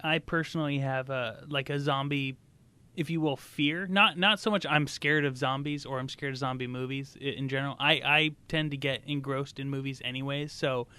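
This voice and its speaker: An easygoing man hosts a casual podcast and puts relaxed questions to his guest. His voice is smooth and resonant, pitched in a middle range. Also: normal speed, no echo. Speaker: podcast host. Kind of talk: casual chat, interviewing.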